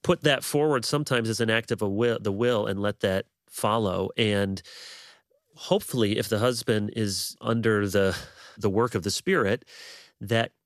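Man, measured teaching tone, scripture references, dry close mic. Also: fairly low pitch, no room sound. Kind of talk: conversational teaching on marriage.

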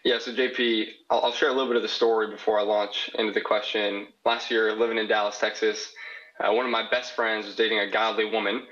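A man's voice: fairly low pitch, little pitch movement, quick pace, a bit bright, dull audio. A young man from South Dakota, calling in with a question, telling a personal story in an earnest, rambling way. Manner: earnest, rambling, quotes people as he tells it. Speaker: caller asking a question. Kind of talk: candid storytelling.

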